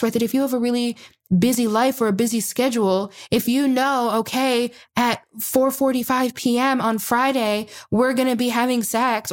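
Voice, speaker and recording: A woman giving relationship advice in a casual conversation, explaining step by step and often checking in with "right?". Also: fairly high pitch.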